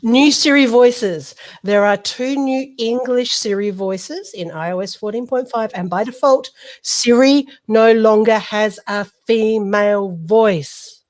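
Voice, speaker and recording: A woman co-hosting a casual tech podcast, chatting and reading out update notes with quick joking asides. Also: on the high side, a little mellow. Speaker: podcast co-host.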